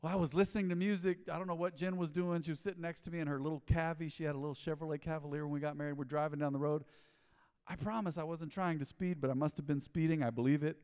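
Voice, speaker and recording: Pastor, male, somewhat high voice, animated storyteller preaching in a big reverberant sanctuary. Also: quick pace, clean tone. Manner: storytelling, animated, acts out dialogue. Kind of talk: sermon. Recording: long hall reverb.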